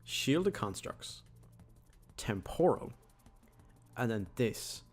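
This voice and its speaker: A man's voice: medium pitch, sing-song, extremely slow, soft background music. A man giving casual, rambling, jokey commentary while playing a video game. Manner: rambling, chatty, jokey asides. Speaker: gaming YouTuber.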